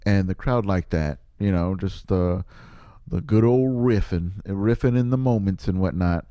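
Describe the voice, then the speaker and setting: A man's voice: deep voice, unhurried, mellow, no room sound, clean studio sound. A man, a podcast host and comedian, telling a rambling story casually, laughing often and poking fun at himself.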